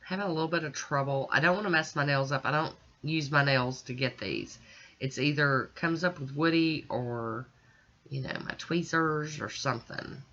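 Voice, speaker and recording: Chatty woman with a bright, lo-fi voice. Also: sits low, moderate pace. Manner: chatty, folksy, talks to viewers while working. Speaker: nail art vlogger. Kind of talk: casual tutorial voice-over. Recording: dull lo-fi recording.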